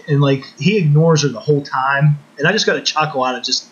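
A man's voice: fairly high pitch, steady tone, fast, hardly any pauses, a bit bright. A man co-hosting a podcast, chatting casually in a rambling, laid-back way with lots of fillers. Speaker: podcast co-host. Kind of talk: casual chat. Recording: muffled lo-fi recording.

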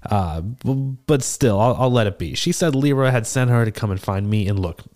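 A man's voice: medium pitch, expressive, normal speed, a little mellow, lightly acted. A man playing a seasoned male tortle cleric who tells a tavern tale in a chatty, rambling way, full of fillers and restarts. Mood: sheepish. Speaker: player character in an improvised tavern scene. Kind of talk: improvised in-character storytelling.

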